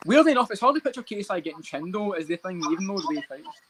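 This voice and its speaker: A man co-hosting a casual podcast chat about fights, talking fast, swearing and laughing a lot. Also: sits high, sing-song, fairly bright tone, a little hiss or hum. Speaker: podcast co-host.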